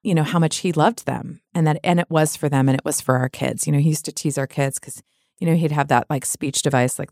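A woman's voice: sits low, fairly even intonation, fast, darkish tone, no echo, studio quality. A middle-aged woman telling personal stories in a candid, chatty way, often laughing and restarting her sentences. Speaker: guest. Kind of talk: candid conversational storytelling.

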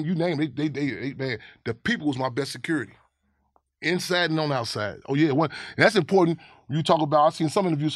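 Interview guest from Chicago: quick, restless storyteller, repeats words, swears freely, sits dry and close on the mic. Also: male voice, on the high side, no echo. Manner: rambling, repeats words, profane, animated.

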